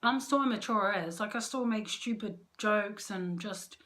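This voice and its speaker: A woman's voice: mid-range voice, measured pace, a bit bright. A young woman giving marriage advice to camera in casual chat, candid, playful and poking fun at herself. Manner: candid, playful and self-mocking. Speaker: vlogger.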